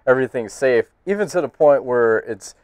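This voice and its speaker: A man's voice: medium pitch, expressive, normal speed, a little mellow, smooth, no room sound, clean studio sound. A man co-hosting a casual podcast, talking bluntly with lots of swearing and laughing banter. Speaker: podcast host.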